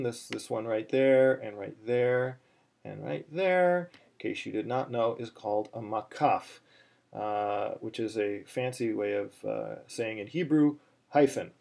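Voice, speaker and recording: A man's voice: mid-range voice, creaky, warm tone. A man teaching a chanting lesson, explaining step by step with many fillers and restarts, now and then breaking into chant. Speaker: cantillation teacher.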